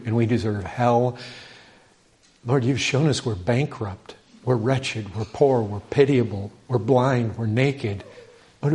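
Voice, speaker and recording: A man preaching a sermon, animated, asking the congregation rhetorical questions and stressing points with rising emphasis. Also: mid-range voice.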